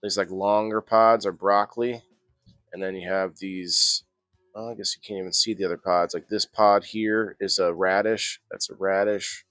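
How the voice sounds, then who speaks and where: A man's voice: low-pitched, fairly even intonation, normal speed, fairly bright tone, dry recording, studio quality, soft background music. A man hosting a casual indoor gardening live stream, chatting loosely with plenty of restarts. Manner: rambling, chatty, frequent restarts and laughs. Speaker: host of an indoor growing show.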